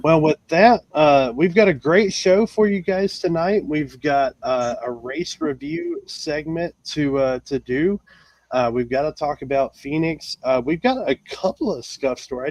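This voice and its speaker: A man's voice: a little high, darkish tone, dry recording. Filler-heavy male podcast host, dry sound. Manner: hesitant, many fillers and restarts. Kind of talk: casual live show hosting.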